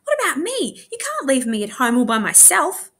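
A woman reading aloud, voicing an anxious, indignant girl with high, pleading outbursts. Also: huge pitch swings, normal speed, fairly bright tone, exaggerated voice.

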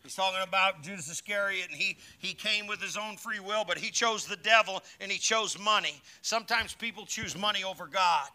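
A male pastor preaching a sermon at a church service, folksy and joking between scripture readings, growing louder and higher when he reads and exhorts. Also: fairly quick, hardly any pauses.

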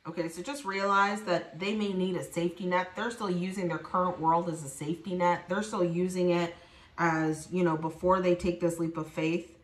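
A woman with a lowish, steady voice gives a tarot reading at normal speed, speaking straight to her viewers. She acts out the voices she quotes, and the room sounds echoey.

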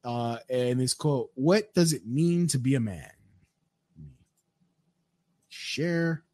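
A man's voice: mid-range voice, slow pace, darkish tone. A man giving a crude, rambling rant, with frequent stammered restarts. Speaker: commentator. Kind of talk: profane rant commentary.

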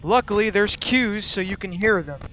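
Jittery high-voiced young man gaming. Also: animated, normal speed, sharp tone, a little hiss or hum. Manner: jittery, talks nonstop from fear, swears and mutters. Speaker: gaming channel host. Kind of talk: nervous let's-play commentary. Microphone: wearing a mask over the mouth.

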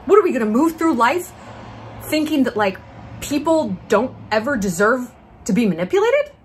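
Her high, sing-song voice moves at normal speed over a little hiss or hum. In a casual monologue to camera, the thirty-something YouTube commentary host is brash and profane, layering sarcasm with mock-sweet, patronizing remarks.

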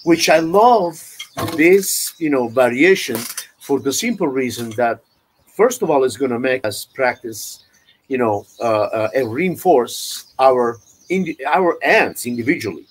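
A man with an Italian accent teaching an online drum lesson, loosely explaining with many "you know"s and counting beats out loud. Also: mid-range voice, expressive, unhurried, slight background noise. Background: drum playing.

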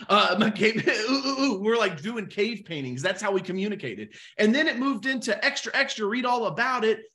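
A young adult man coaching insurance agents in a live webinar, energetic and talking straight to the chat. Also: high-pitched. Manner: energetic, animated, talks to the chat.

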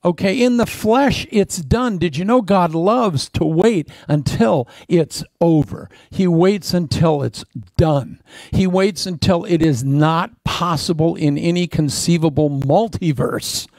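A man preaching a sermon as a pastor, swinging from loud emphatic lines to hushed, almost whispered prayer. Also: a little high, takes it slowly, no echo.

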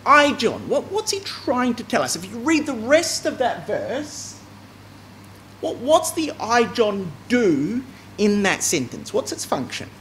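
A man leads a bible class in an emphatic, conversational way, breaking off into asides and restarting his sentences. His voice swings widely in pitch as he talks. Faint background noise sits under the recording. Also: big pitch swings, slow, fairly bright tone. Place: meeting hall.

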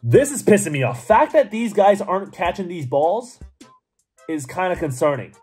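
A man giving excited, rambling gameplay commentary as a gaming YouTuber, talking to himself and to his viewers. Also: high voice, normal speed, breathy edge, soft background music.

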